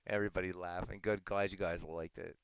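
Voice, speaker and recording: A man hosting a livestream, chatting casually with viewers in a relaxed, rambling way. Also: sits low, fairly quick, smooth, low-quality recording. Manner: relaxed, rambling, chuckling asides. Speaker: livestream host.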